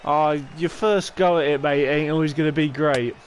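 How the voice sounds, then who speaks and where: A man's voice: a little high, steady tone, normal speed, a little hiss or hum. A man live-streaming a baseball game, talking in a rambling, stuttering, encouraging way. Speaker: gaming streamer.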